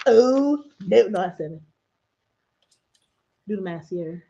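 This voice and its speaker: A woman co-hosting a casual podcast chat, expressive and teasing, laughing often. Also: mid-range voice, takes it slowly, gravelly, muffled recording. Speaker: podcast co-host.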